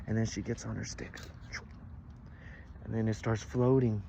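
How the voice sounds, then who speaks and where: A man telling an improvised story in a casual way, swinging between loud bursts and near-whispers. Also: on the low side, flat delivery, measured pace, creaky, long pauses, muffled recording. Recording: noisy background.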